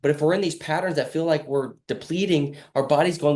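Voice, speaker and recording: A man's voice: a little high, fairly quick, hardly any pauses, darkish tone. Earnest rambling male healer. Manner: earnest, rambling, acts out quoted lines. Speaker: healing practitioner and host. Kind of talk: casual motivational monologue.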